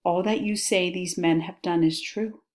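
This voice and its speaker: A woman's voice: lowish voice, steady tone, moderate pace, darkish tone, close to an everyday voice. A woman voicing a scheming young nobleman who pleads and then rallies others, in a raised, urgent voice. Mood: pleading.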